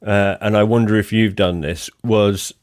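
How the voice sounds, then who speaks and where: A man hosting a podcast in casual chat, lively and jumping up in pitch to make a point. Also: normal speed, dry recording, clean studio sound. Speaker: podcast host.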